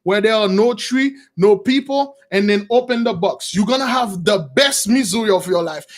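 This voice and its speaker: A man voicing God in a fable, speaking firmly and commandingly, at times shouting. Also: high-pitched, normal speed, close to an everyday voice. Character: all-powerful God, stern and matter-of-fact.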